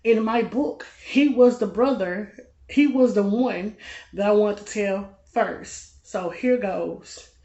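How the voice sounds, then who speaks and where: A man's voice: slow, dull audio. Man in his late twenties, casual storytelling. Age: late 20s. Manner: relaxed, conversational, often drops to a soft, low-key delivery. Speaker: vlogger. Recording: echoey room with loud background noise.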